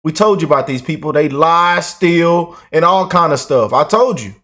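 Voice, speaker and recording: A man's voice: on the high side, normal speed. Fired-up ranting male commentator. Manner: animated, repetitive, emphatic. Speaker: commentary channel host.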